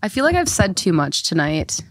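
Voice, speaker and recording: A young woman guest co-host telling a story in lively casual chat, laughing often. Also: fairly low pitch, moderate pace, dry recording.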